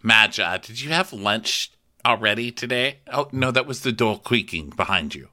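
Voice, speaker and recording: A man co-hosting a comedy podcast, recapping a reality show in casual chat and often mimicking people in a high voice. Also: animated, normal speed, bright, forceful tone. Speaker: podcast co-host.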